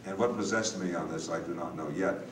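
An older man telling an animated story on a convention panel, recorded from far off in an echoey hall. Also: low voice, fast, noisy background. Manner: animated anecdote teller with acted quotes. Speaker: panel guest, voice actor.

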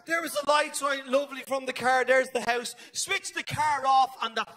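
Dublin Irish male stand-up comic, bright and sharp tone, punchy and profane delivery. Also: extremely high pitch, normal speed. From Ireland. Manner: energetic, swearing, keeps asking "right?". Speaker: stand-up comedian. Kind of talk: live stand-up routine. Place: comedy stage.

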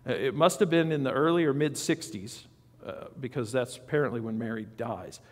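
A man's voice: mid-range voice, a little fast, big-room sound. A man preaching a sermon as pastor, in a conversational style with asides and questions to the congregation. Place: church sanctuary.

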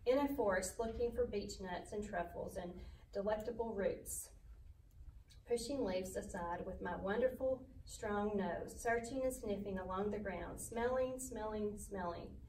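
A woman's voice: mid-range voice, unhurried, darkish tone, reverberant, recorded from a distance, slight background noise, close to an everyday voice, poor audio. A woman voicing a timid young male pig. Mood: dreamy. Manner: pleading, worried.

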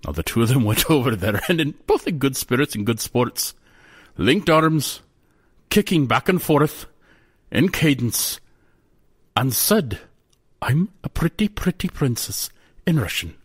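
A man telling a folk tale in a folksy, animated way. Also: mid-range voice, slightly rough. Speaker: storyteller.

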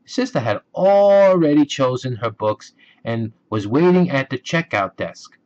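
Cast note: man reading a bedtime storybook, lively pitch, lo-fi sound. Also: measured pace. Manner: animated read-aloud with character voices. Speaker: storybook reader. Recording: dull lo-fi recording.

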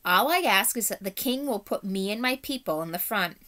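A woman voicing a brave, proud little male mouse with a shrill, piping voice. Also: lively intonation, brisk, bright, forceful tone. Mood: eager.

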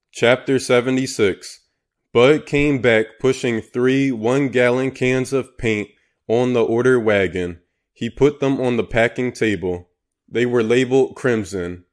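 A man's voice: mid-range voice, takes it slowly. A man narrating an audiobook in a dry, matter-of-fact manner. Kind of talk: scripted narration.

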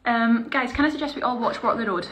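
A young woman chatting casually to her viewers on a live stream while doing her makeup, bubbly and chatty, sometimes dropping into quiet mutters. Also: a little high, quick pace. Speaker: performer hosting a live stream. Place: small indoor room. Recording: echoey room with faint hiss.

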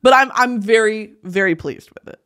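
A young woman hosting a podcast in casual chat, animated and gushing, laughing often and poking fun at herself. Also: a little high, normal speed, smooth. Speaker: podcast host.

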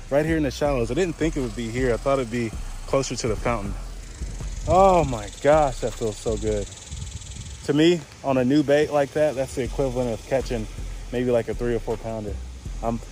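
A man, chatting excitedly to viewers in a casual fishing vlog, recorded outdoors by a pond. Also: mid-range voice, normal speed, slight background noise. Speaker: fishing vlogger.

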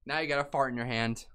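A man reacting to memes in casual chat, loud and exclamatory, swearing and laughing often. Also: medium pitch. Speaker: meme reaction host.

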